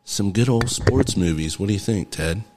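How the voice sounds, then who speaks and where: Laid-back lower-voiced man hosting. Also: normal speed, noisy background. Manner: laughs often, easygoing, filler-heavy. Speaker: podcast host. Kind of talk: casual chat. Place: garage.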